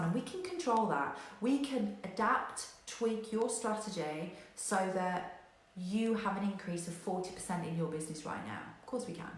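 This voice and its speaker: A woman business coach giving a motivational talk, energetic and direct, who acts out panicked voices and swears casually. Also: mid-range voice. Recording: very echoey room.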